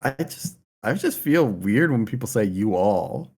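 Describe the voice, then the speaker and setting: A man's voice: on the low side, expressive, unhurried, a little mellow. A young man from Minnesota co-hosting a podcast, talking hesitantly and laughing often. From Minnesota, USA. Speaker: podcast co-host. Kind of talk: casual chat.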